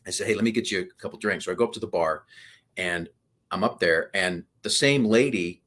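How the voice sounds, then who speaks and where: A man in his fifties, a podcast guest telling animated stories in casual conversation. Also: deep voice, brisk.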